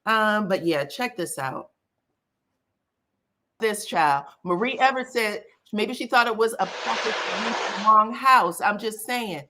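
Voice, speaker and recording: A celebrity gossip host runs a casual live stream, speaking straight to her viewers and exclaiming as she reads their comments aloud. Her mid-range voice is bright and forceful, and she talks a little slowly.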